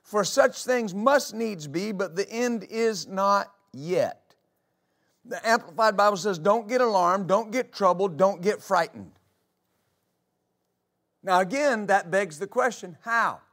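A man's voice: high voice, fairly bright tone. A man preaching a sermon as pastor, reading scripture aloud and asking his congregation rhetorical questions. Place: church.

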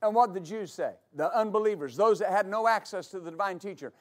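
A man preaching a sermon as pastor, explaining at length and building to shouts. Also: sits high, fast.

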